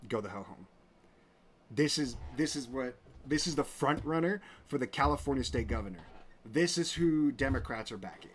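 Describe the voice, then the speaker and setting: A man's voice: mid-range voice, moderate pace. A man hosting his own show, talking in a rambling, indignant way with many restarts. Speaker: show host. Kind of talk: casual commentary.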